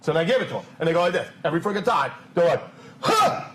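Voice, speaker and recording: High-voiced man telling animated stories. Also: very fast, very noisy. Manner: animated storyteller, acts out quoted people. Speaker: live stream host. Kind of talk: casual storytelling chat.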